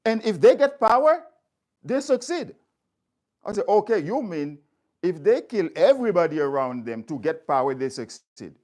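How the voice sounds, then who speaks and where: A man's voice: high voice, sing-song, normal speed, a little mellow. A man speaking straight to his viewers, stressing his points by repeating phrases. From Haiti. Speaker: community speaker. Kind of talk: impassioned address to viewers.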